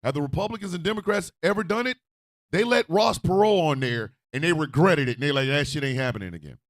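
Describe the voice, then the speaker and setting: Male radio host, profane emphatic ranter, high animated voice, bone-dry close sound. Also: brisk, no echo. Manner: loud, profane, emphatic, swings from shouting to low mutters. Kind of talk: animated political rant.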